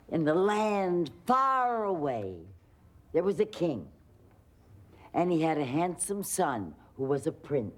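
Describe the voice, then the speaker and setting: Slow, animated old storyteller woman. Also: fairly low pitch, slightly rough. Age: older. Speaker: grandmother. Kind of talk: sitcom bedtime storytelling. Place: sitcom studio set with live audience. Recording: studio audience laughter and noise.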